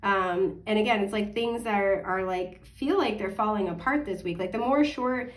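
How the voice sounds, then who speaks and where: A woman's voice: mid-range voice, normal speed. A woman giving a casual weekly tarot forecast to her viewers, rambling with lots of fillers, correcting herself and apologizing with a laugh. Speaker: astrology and tarot reader. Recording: voice a bit distant from the mic.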